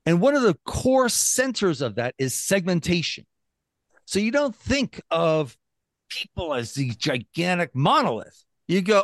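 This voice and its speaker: A libertarian activist appears as an interview guest, talking in an animated, emphatic way, restarting often and mocking opponents in quoted voices. His voice sits high with big pitch swings and a slightly slow pace. He is close to the mic in a dry room with no echo.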